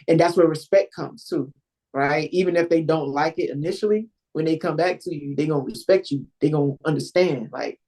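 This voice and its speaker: A podcast host with a mid-range voice speaks in a direct, informal way. The grammar is loose and casual, and many points end with a quick "right?". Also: medium pitch, warm tone, low-quality recording. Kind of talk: casual conversational podcast talk.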